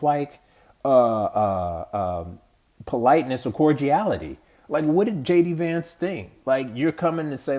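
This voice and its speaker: An exasperated man from the United States hosts his own podcast, talking loosely and bluntly. He rambles, swears and circles back on his sentences as he goes. His voice sits at an ordinary middle pitch for a man. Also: a little mellow. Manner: exasperated, rambling, frequent restarts and slang. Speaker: podcast host. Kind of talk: casual political commentary.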